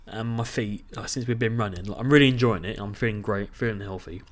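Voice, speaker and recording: A man's voice: on the low side, quick pace. A young man, co-hosting a casual podcast and telling school stories with swearing. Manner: storytelling, animated, swears. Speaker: podcast co-host. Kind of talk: casual chat.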